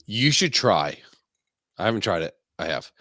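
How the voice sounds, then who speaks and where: Low-voiced crude podcast man, dry sound. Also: big pitch swings, normal speed, a bit bright, no room sound. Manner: rambling, crude, laughing stories. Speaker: podcast co-host. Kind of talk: casual chat.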